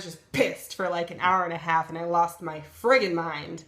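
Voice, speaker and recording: A woman's voice: fairly low pitch, normal speed, few pauses. Young woman vlogging a funny rant, gets all worked up and exasperated, voice kinda echoey in the room. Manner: animated, exasperated ranting. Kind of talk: comic storytelling vlog. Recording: roomy echo.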